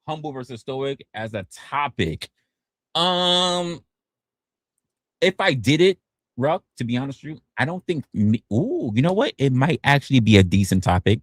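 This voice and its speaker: This livestream host speaks casually and crudely, frequently tripping over his words and starting again. His delivery is lively, with pitch rising and falling. The recording is dry and studio quality.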